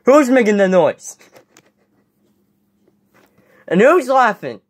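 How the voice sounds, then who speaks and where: A man voicing characters in a comedy skit, rowdy and exasperated, swearing and yelling often. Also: extremely high pitch, big pitch swings, normal speed, no echo.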